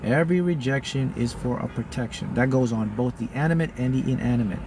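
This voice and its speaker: A man teaching manifesting to a live audience in an emphatic, repetitive style, often jumping into loud, high-pitched bursts. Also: fast talker, noisy background. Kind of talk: motivational talk to a live audience.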